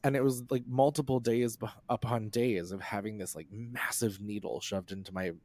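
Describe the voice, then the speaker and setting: A man's voice: on the low side, fairly even intonation, normal speed, darkish tone, dry recording. A man as a podcast guest in casual chat, rambling, laughing often and swearing freely.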